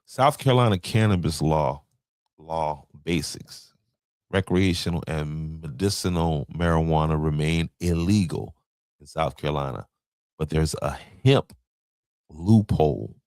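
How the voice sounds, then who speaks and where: A man's voice: rumbling low, unhurried, a little mellow, dry recording. A man hosting a podcast, talking loosely in slang and stumbling over names as he runs through a list. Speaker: podcast host. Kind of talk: casual commentary.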